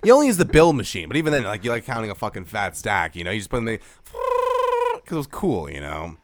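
A man's voice: lowish voice, fast talker. A young man co-hosting a podcast, telling stories in casual chat and swearing a lot. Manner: animated storyteller, swears a lot. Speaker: podcast co-host.

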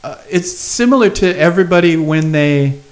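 Hesitant man talking in halting phrases. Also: fairly high pitch, expressive. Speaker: podcast guest. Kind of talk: casual chat.

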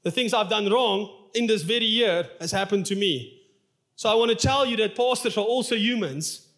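A man's voice: sits high, normal speed, fairly bright tone. A male pastor preaching a sermon in a church, telling a personal story in an open, emotional, confessional way.

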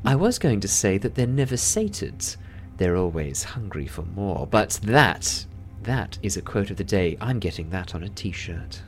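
A shrewd, wry woman teacher who speaks in a hushed, confiding voice, as a man puts her on for a tabletop game. The voice is low underneath and lively in its pitch. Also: a little slow, hardly any pauses, slight background noise, exaggerated voice. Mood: amused. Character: shrewd female elder teacher, dry and wry.

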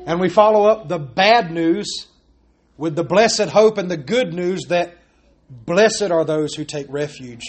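A man's voice: sits high, unhurried. A man preaching a sermon as pastor, pressing his points with repeated rhetorical questions.

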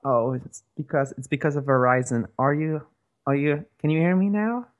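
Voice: medium pitch, normal speed, lo-fi sound, natural voice. A fake seductress on a prank call, put on by a prankster. The voice moans and teases, and turns bossy and impatient over a bogus street address. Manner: moaning, teasing, then bossy about an address. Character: horny fake woman on a prank sex call.

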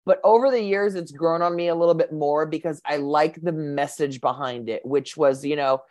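A woman's voice: sits low, normal speed, few pauses, a little mellow, no echo, clean studio sound. A woman co-hosting a podcast, chatting casually about movies. She laughs easily and acts out quotes from scenes. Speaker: podcast co-host. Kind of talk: casual movie review chat.

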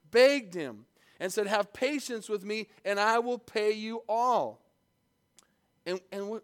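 A man preaching a sermon in church, reading scripture and calling out to the congregation, swinging from emphatic peaks to quiet asides. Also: sits high. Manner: preaching with call-and-response, rising to emphatic peaks and dropping to soft asides. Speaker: pastor. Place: church service.

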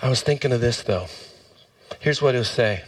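A male pastor preaching a sermon with passion, his voice rising sharply for emphasis. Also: moderate pace. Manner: impassioned, swings up in pitch for emphasis.

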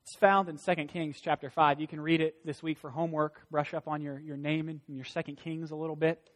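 A man preaching in a fairly high voice, emphatic, with folksy asides between his points. His words ring with long reverb in a large church sanctuary. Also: level tone, fairly quick. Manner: emphatic, rising to loud stresses. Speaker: pastor. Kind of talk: sermon.

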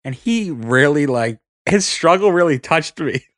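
A man co-hosting a podcast, chatting in a casual, animated way. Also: a little high, unhurried, dry recording, studio quality. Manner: animated, laughing. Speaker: podcast co-host. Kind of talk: casual chat.

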